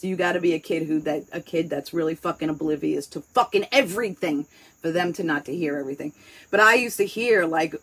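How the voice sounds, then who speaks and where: Heard through a low-quality recording, a New York-accented host with a deep, slightly rough voice chats casually. She rambles and speaks candidly, cursing freely throughout.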